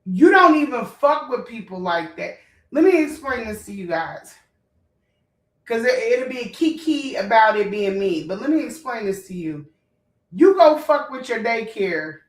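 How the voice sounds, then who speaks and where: Woman venting to her followers, cussing, kinda high voice, echoey room. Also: lively intonation, normal speed, recorded from a distance. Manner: blunt, profane, emotional, talks straight to viewers. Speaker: vlogger. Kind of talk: heated storytime rant.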